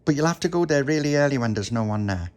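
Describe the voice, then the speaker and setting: A man's voice: mid-range voice, lively intonation, quick pace, darkish tone, voice pushed up, close to an everyday voice. A man voicing a fussing, doting mother in a homemade bedtime story.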